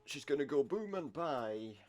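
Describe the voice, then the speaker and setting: With an animated, mid-range voice of darkish tone, a man narrates his retro gameplay unhurriedly as game music plays. He keeps it casual, tossing out wry quips and under-the-breath asides.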